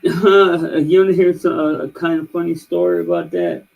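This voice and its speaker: A man's voice: a little high, fairly even intonation, moderate pace, gravelly, lo-fi sound. A man in his thirties on a livestream, rambling through a story with lots of fillers and restarts. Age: 30s. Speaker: streamer. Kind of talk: casual chat.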